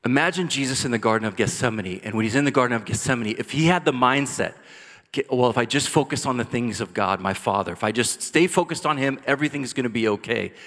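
A man preaching a sermon as pastor, rising to intense cries and dropping to soft, quiet lines. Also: mid-range voice, lively intonation, fast. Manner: passionate preaching, builds to loud cries then drops soft. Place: church sanctuary. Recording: long church hall reverb.

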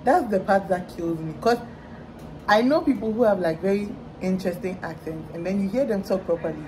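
A woman's voice: medium pitch, brisk, a little hiss or hum, low-quality recording. A young woman, hosting a casual chat and telling stories with mimicked voices. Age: young adult. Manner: animated storyteller, mimics voices. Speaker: vlog host.

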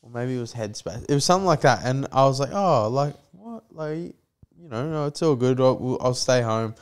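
A man's voice: mid-range voice, expressive, normal speed, smooth. A young man co-hosting a podcast, telling a story in casual chat, swearing freely and acting out quotes. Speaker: podcast co-host.

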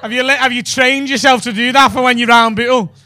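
A man's voice: very high-pitched, fairly even intonation, fast talker, pushed and bright. A man doing stand-up, bantering with the crowd in a cheeky, sweary way on a comedy club stage.

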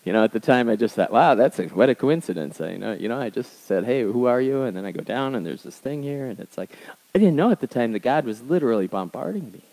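A man's voice: lively intonation, fast, low-quality recording. Man preaching in a conversational style. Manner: conversational storytelling, swinging between emphatic highs and quiet asides. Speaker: pastor. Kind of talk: sermon.

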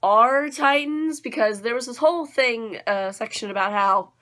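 A young woman giving a casual anime episode review, bubbly and excitable, full of "like" and "um". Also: medium pitch, normal speed.

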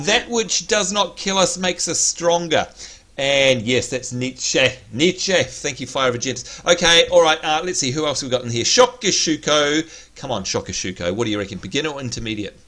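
A man's voice: on the high side, moderate pace, pushed and bright. An Australian man hosting a gaming livestream, chatting playfully and teasing his viewers. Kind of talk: casual livestream chat.

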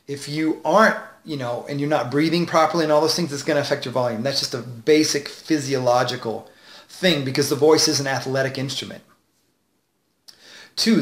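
A man as a confidence coach, giving advice straight to camera with clear enunciation, shifting tonality and deliberate pauses. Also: mid-range voice, fairly bright tone, roomy sound. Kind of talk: direct-to-camera advice video.

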